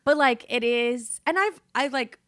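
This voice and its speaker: A woman's voice: on the high side, expressive, a little slow, fairly bright tone. A young woman hosting a podcast in casual, rambling confessional chat, teary after crying, swearing freely. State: teary, just been crying. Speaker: podcast host.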